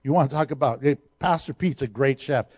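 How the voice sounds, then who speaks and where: A middle-aged man preaching a sermon, animated, with laughs and asides to the congregation. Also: medium pitch, a little fast, no room sound, clean studio sound. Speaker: pastor.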